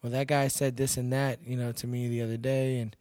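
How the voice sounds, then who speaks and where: A young man from Texas trades stories in a relaxed podcast interview, blunt and unbothered, cursing as he goes. His voice sits at an ordinary middle pitch. It is captured dry and close on a studio mic. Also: brisk, smooth, dry recording. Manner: laid-back, blunt, swears freely. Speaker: podcast guest, bouncer and MMA fighter. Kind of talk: casual storytelling chat.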